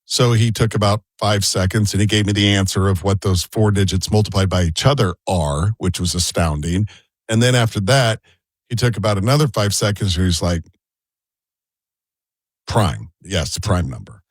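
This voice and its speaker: A man's voice: lowish voice, fairly quick, dry recording. Man, co-host, casual storytelling, rambling asides, dry recording. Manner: chatty, rambling anecdotes with asides. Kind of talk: casual talk-show storytelling.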